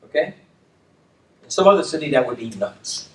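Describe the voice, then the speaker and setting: An older man, a community leader and former dean, reflects in conversation with a very animated mid-range voice at a moderate pace, leaving long pauses. He restates points emphatically and keeps checking in with "okay?". The mic sits at a distance in a roomy space with faint room noise.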